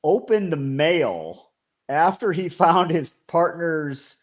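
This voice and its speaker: A man co-hosting a podcast, chatting casually with mocking, deadpan jokes. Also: a little high, slow pace. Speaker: podcast co-host.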